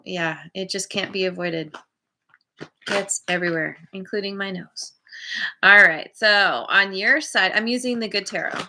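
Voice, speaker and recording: A woman's voice: mid-range voice, bright, forceful tone, a little hiss or hum. A woman doing a casual tarot reading to camera, chatty and meandering, laughing at herself. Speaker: tarot card reader.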